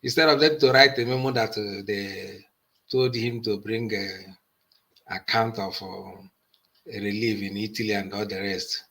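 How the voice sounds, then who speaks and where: Bright-voiced man, halting with pauses. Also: fairly low pitch, fairly even intonation. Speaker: guest. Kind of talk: call-in discussion.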